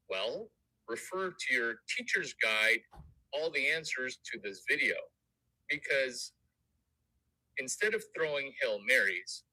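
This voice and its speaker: A man's voice: mid-range voice, pushed and bright, no echo, rough recording. A man hosting a casual livestream monologue, punchy, jokey and lecturing, with frequent repetition. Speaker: show host.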